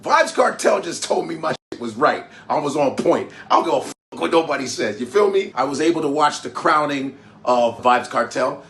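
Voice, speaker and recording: A man comedian telling a lively travel story in an animated stand-up style, from Nigeria, boisterous and prone to jumping high in pitch for emphasis.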